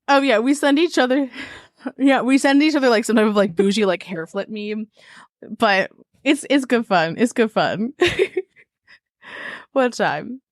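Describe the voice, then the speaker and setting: A woman's voice: fairly high pitch, lively intonation, unhurried, pauses often, no echo, clean studio sound. A woman co-hosting a podcast in casual chat, rambling into tangents and laughing often. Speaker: podcast co-host.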